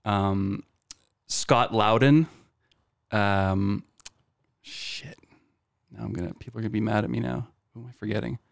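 A podcast guest with a gravelly, fry-tinged voice, talking casually in a dry, close studio. He stammers, restarts and jokes at his own expense while he chats. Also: on the low side, measured pace, long pauses, no room sound. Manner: stammering, self-deprecating, restarts often. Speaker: podcast guest, meme page creator. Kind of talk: casual chat. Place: studio, in headphones. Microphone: studio mic with headphones.

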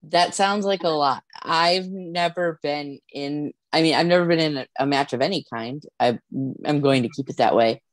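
A woman's voice: deep voice, normal speed, dry recording. A woman podcast host asking questions in casual chat, hesitant and full of "um"s. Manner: hesitant, with frequent "um"s and light laughs.

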